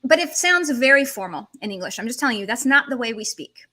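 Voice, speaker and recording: A woman teaching a language lesson on a livestream, animated, switching between languages as she explains. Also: on the high side, fast. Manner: animated, switches between English, Russian and Portuguese.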